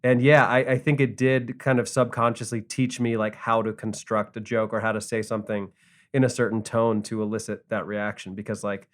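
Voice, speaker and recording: A man's voice: fairly low pitch, little pitch movement, a little fast. A man, a guest stand-up comedian, talking casually on a podcast with many fillers and restarts.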